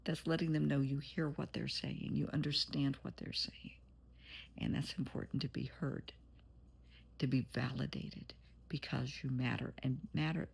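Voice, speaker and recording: A woman's voice: low-pitched, gravelly, husky. A woman therapist giving an earnest, motherly pep talk straight to her viewers, blunt at times. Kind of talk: encouraging direct-to-camera talk.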